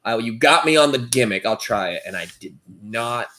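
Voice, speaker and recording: A man's voice: medium pitch, animated, fairly quick, pushed and bright, slight background noise. A man co-hosting a podcast, telling a story in a laid-back, casual way with plenty of swearing. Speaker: podcast co-host. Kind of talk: casual chat.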